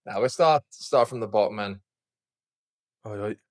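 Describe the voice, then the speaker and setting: A man's voice: on the low side, unhurried. A man from Wales hosting a podcast, teasing his guest with short, sweary interjections. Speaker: podcast host. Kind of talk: casual chat.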